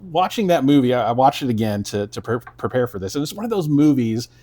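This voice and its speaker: A man hosting a podcast, asking questions in a relaxed, casual way. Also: mid-range voice, quick pace. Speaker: podcast host. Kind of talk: casual interview chat.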